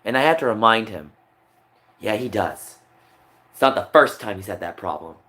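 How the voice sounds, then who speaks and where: A man streaming live, venting in an emotional rant that swings from low muttering to a raised voice. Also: expressive, moderate pace, sharp tone.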